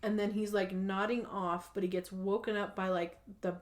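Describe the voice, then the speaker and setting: A woman's voice: medium pitch, flat delivery, moderate pace. Chatty woman podcast host recapping a movie. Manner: chatty, frequent "like" fillers and swearing. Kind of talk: casual movie recap chat.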